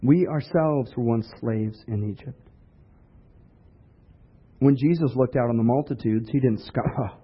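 A man's voice: mid-range voice, a little slow, long pauses, husky. A man preaching a sermon in a conversational way, asking rhetorical questions. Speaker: pastor. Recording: dull lo-fi recording.

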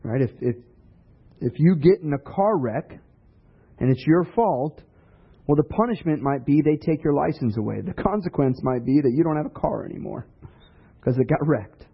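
A man's voice: fairly high pitch, animated, normal speed, creaky, breathy edge. A man preaching a sermon in a conversational way, asking rhetorical questions. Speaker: pastor. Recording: dull lo-fi recording.

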